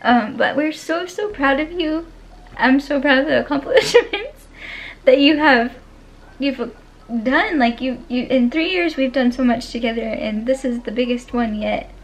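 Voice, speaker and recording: A young woman vlogging at home, talking warmly to her husband and laughing between words. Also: high-pitched, unhurried, rough recording. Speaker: vlogger and military spouse. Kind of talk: casual home vlog talk.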